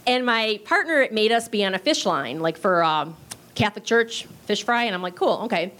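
A woman teaching improv in a chatty, casual way, swearing freely and acting out quick bits of dialogue. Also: medium pitch, animated, fairly bright tone. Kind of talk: casual spoken lesson.

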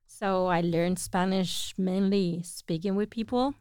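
A woman's voice: on the low side, fairly even intonation, takes it slowly, a little mellow, smooth, no echo, studio quality. Chatty woman, often laughing. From Italy. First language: Italian. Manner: chatty, laughs often, many fillers and restarts. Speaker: language teacher. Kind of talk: casual conversational storytelling.

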